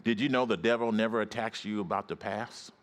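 A male preacher delivering a sermon to his congregation. He repeats key phrases and calls on the listeners to say words back to him. His voice drops low for stories and climbs high for exclamations. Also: fairly even intonation, fairly quick. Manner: repetitive, call-and-response preaching; swings from low storytelling to high rising exclamations.

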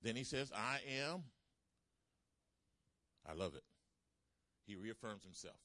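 A man preaching a sermon, calling out to the congregation and swinging between loud emphasis and soft asides. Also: fairly low pitch, expressive, slow pace, pauses often, no room sound. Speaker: pastor.

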